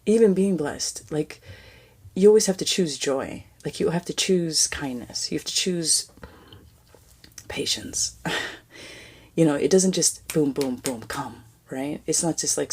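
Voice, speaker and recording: A woman hosting a spiritual podcast, telling a personal story in a soft, halting way that often sinks to a near-whisper, with many fillers and restarts. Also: sits low, husky. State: tearful, emotional. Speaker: podcast host.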